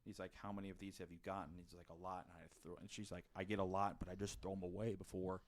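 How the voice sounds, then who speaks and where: A man with a low voice and flat delivery talks quickly, co-hosting a podcast. Casually recapping a movie's plot for a review chat, he rambles and keeps restarting, with plenty of fillers.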